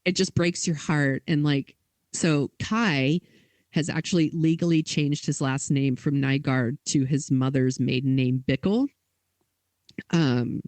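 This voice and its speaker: A woman's voice: very deep voice, a little mellow, no echo. A woman co-hosting a podcast, telling a story in casual chat with lots of "like" and quoted dialogue. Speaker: podcast co-host.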